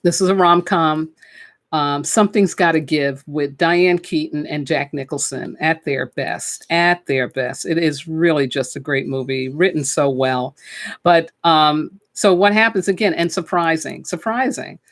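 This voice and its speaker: A woman's voice: low voice, unhurried. A woman hosting a spiritual talk show, chatting casually and enthusiastically about films, with frequent fillers. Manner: enthusiastic, chatty, with many fillers and "you know". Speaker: podcast host and spiritual teacher. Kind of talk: casual spoken film commentary.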